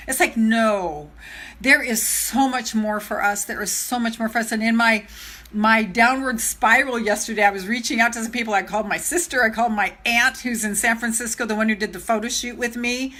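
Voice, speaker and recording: Bright-voiced older woman, emotional and animated. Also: fairly high pitch, fairly quick. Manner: emotional, animated, repeats phrases. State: trembling. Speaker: self-love coach. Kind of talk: live-stream vlog talk.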